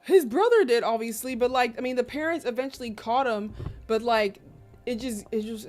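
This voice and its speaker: Woman streamer, casual live-stream chat, fairly high voice, animated storyteller who gets loud in disbelief, faint music behind. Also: moderate pace. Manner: animated storyteller, slangy, exclaims loudly in disbelief.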